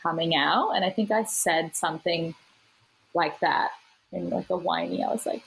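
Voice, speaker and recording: Husky-voiced woman telling her story. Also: fairly low pitch, a bit bright, low-quality recording. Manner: chatty, quick to laugh, many fillers. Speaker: podcast guest sharing her birth story. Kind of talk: casual storytelling chat.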